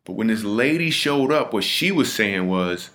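A man's voice: fairly low pitch, animated, normal speed, fairly bright tone. A middle-aged man, a comedian guest on a podcast, telling a personal story in an earnest, vivid way, often restarting and repeating himself.

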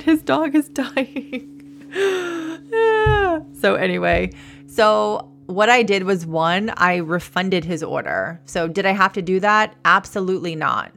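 A woman in her thirties with a low voice and gravelly fry tells a story in a rambling monologue. She talks casually, stops to correct herself and backtracks often, like a shop owner chatting with her listeners. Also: a bit bright. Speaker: e-commerce business owner, podcast host.

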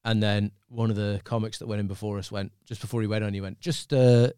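A man co-hosting a podcast, telling quick anecdotes in casual chat. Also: on the low side, flat delivery, darkish tone, clear, resonant tone, dry recording, studio quality. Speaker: podcast co-host.

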